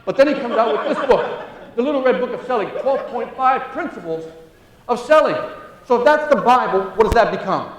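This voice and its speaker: A man giving an energetic sales seminar, often quizzing the audience with quick questions. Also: very high voice. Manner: energetic, asks the crowd questions. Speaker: sales trainer. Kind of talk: motivational seminar talk. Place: seminar room. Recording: echoey room, far from mic.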